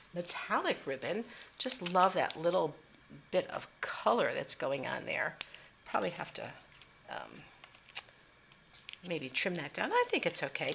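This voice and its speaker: A woman with a low, gravelly voice talks through a papercraft tutorial, chatty and unhurried, filling the pauses with thinking-aloud fillers. Faint background noise sits under her voice. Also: fairly bright tone. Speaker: papercraft demonstrator. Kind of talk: casual craft tutorial.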